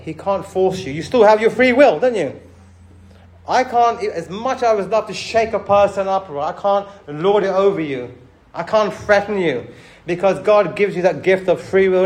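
Impassioned preacher, man. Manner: passionate preaching, swinging from loud exhortation to low intimate asides. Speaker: pastor. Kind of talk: sermon. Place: church.

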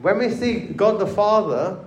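A man's voice: sits high, animated, a little slow, reverberant. A man preaching a sermon, conversational, often asking the church rhetorical questions and repeating words as he restarts. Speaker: pastor.

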